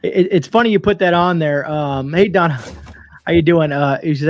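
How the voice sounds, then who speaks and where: A man's voice: a little high, normal speed, dull audio. A man hosting a casual live-stream chat, laughing easily and rambling between comments. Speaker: preparedness channel host.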